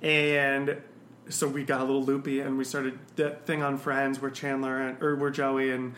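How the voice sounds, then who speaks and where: A man's voice: mid-range voice, monotone, moderate pace, a bit bright, reverberant, a little hiss or hum. A young man chatting casually as a guest, rambling with lots of fillers and restarts. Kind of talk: casual storytelling chat.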